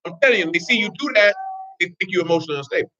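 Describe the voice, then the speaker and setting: A man's voice: high-pitched, animated, rapid-fire, bright, forceful tone, slight background noise. A man giving informal, blunt religious teaching in streetwise slang, with laughing asides. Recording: dull lo-fi recording.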